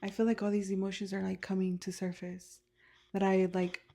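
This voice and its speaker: A young woman on a sisters' podcast talking candidly and softly, her sentences full of "like". Her voice has a heavy gravelly fry, at a middle pitch for a woman. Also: little pitch movement, brisk. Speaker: podcast co-host. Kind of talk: casual chat.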